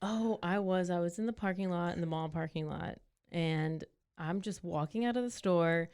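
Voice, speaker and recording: A woman co-hosting a podcast, chatting casually and telling animated stories with laughs. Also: on the low side, normal speed, clear, resonant tone. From Texas. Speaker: podcast co-host. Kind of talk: casual chat.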